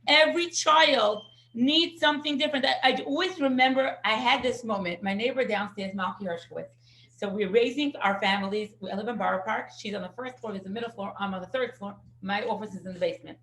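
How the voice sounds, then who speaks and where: A woman teaching a parenting class in a casual, animated storytelling way, acting out what people said and dropping in Yiddish words. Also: on the high side, a little fast. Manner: animated storyteller who acts out quotes and sprinkles in Yiddish words. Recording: echoey room.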